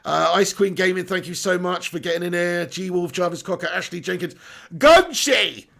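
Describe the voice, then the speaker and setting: A man hosting a live stream, chatting excitedly, laughing and bantering with mild swearing as he reads out viewer messages. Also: high-pitched, brisk, gravelly.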